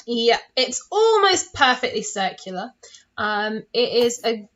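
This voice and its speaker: A woman's voice: on the high side, very animated, a little slow. A woman from the United Kingdom running a tabletop game as game master, explaining rules plainly and in a friendly way. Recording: slightly dull mic with faint noise.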